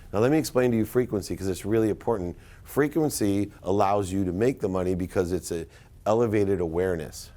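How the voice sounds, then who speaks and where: A middle-aged man speaks from a stage to a live audience. His voice sits low, and he tells his story with emphatic force, swinging from loud punches to hushed, quiet asides. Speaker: keynote speaker. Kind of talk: motivational speech to a live audience.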